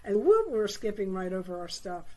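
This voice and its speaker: Woman, panel host, facilitator, affirming, gentle, encouraging. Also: medium pitch, very animated, normal speed, low-quality recording. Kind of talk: hosting a panel discussion.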